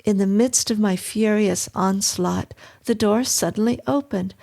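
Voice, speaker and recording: Woman horror narrator, slow and suspenseful, gravelly low end. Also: warm tone. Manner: measured, suspenseful reading.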